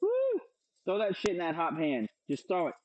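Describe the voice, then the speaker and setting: A young man streams himself cooking at home, loud and loose with plenty of profanity and jokes for his viewers. His voice sits a little high, with a faint hiss behind it. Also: expressive, moderate pace, lo-fi sound. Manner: loud, profane, joking, reads chat aloud. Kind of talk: casual live-stream cooking chat. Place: home kitchen. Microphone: streaming setup with several cameras.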